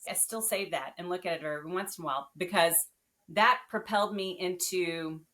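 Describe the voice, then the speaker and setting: A woman guest on a podcast, telling her story in a casual, animated and earnest way. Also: on the low side, brisk.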